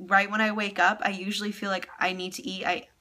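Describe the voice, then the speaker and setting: A woman's voice: medium pitch, level tone, a little fast, bright, forceful tone. A young woman talking candidly in a casual personal vlog, chatty and full of ums, emotional and close to tears. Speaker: vlogger.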